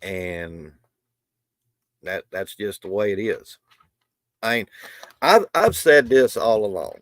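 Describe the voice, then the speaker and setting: A man's voice: fairly low pitch, animated, slow, a bit bright, no room sound, clean studio sound. A middle-aged man hosting a live stream, talking in a rambling, folksy way with many restarts. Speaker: livestream host. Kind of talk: casual live stream talk.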